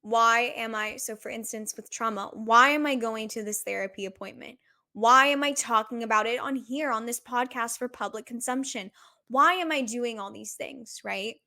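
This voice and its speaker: A woman's voice: on the high side, normal speed, sharp tone. A woman in her twenties hosting a solo podcast, talking in an earnest, confessional way with lots of "like.". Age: 20s. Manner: earnest, confessional, says "like" often. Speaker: podcast host.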